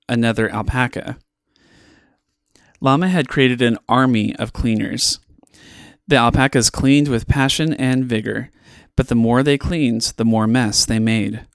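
A man's voice: medium pitch, no echo, studio quality. Playful man reading a kids' storybook. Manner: expressive, playful reading with dramatic pauses. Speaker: podcast host reading children's books. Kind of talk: storybook read-aloud.

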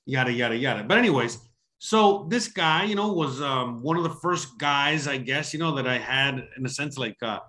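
A man telling a story in casual chat. He rambles, swears a lot, keeps saying "you know what I mean", and acts out heated quotes with sudden loud, high bursts. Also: lively intonation, normal speed. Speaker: expat services provider telling a story.

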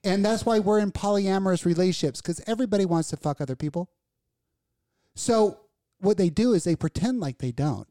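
Casual radio host, profane and ranting, mellow tone. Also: medium pitch, brisk. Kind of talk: casual chat.

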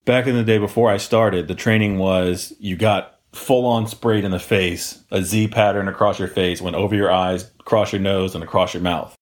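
A man's voice: deep voice, fairly even intonation, moderate pace, few pauses. A man co-hosting a podcast, telling stories from his deputy days in a casual, profane, laughing way. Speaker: podcast co-host, former jail deputy.

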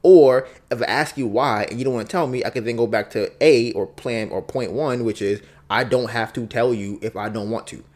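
A man's voice: medium pitch, normal speed, few pauses, a little mellow. A man hosting a podcast alone, talking through his thoughts in a casual, reflective way, often repeating himself and acting out both sides of an argument. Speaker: podcast host. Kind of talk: solo casual monologue.

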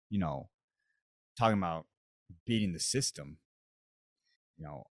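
A man's voice: lowish voice, wildly swooping pitch, unhurried, vocal fry, pauses often, no room sound, studio quality. An American man hosting a podcast, telling a comedic story in slangy, profane, laid-back talk. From United States. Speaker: podcast host.

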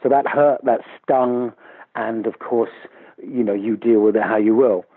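A man's voice: mid-range voice, steady tone, a little slow, slightly rough, no room sound. A man, a musician guest in a casual interview, talking candidly and chatty with a self-deprecating tone over a phone line. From England.

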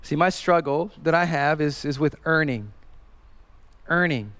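A man's voice: fairly high pitch, expressive, unhurried, a bit bright. A man in his thirties preaching a sermon in an earnest, conversational way, full of casual fillers and restarts. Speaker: pastor. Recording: reverberant hall.

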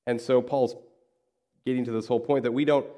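A man's voice: medium pitch, fairly even intonation, fairly quick, dark tone. A man preaching a sermon in a conversational way, telling a story and acting out the dialogue. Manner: conversational, acts out quoted dialogue. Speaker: pastor. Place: church.

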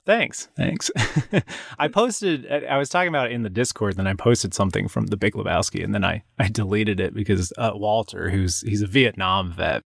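Low gravelly guy rambling on a podcast, lots of restarts, dry close sound. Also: moderate pace, no room sound. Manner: rambling, frequent restarts and laughs. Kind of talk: casual chat.

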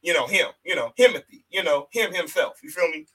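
A man's voice: on the high side, brisk, pushed and bright, slightly rough, poor audio. A man hosting a wrestling podcast in loose casual chat, repeating phrases and laughing often. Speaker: podcast host.

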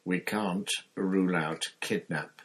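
A man's voice: low voice, fairly even intonation, slow pace, heavily acted, low-quality recording. A man doing a growling grizzled old wizard. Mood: gruff. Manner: growling, gruff. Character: gruff grizzled old male wizard veteran.

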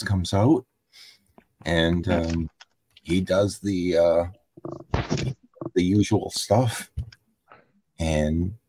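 A man hosting a podcast, recapping a wrestling show casually, halting with lots of ums. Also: low voice, gravelly, darkish tone, breathy edge. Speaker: podcast host.

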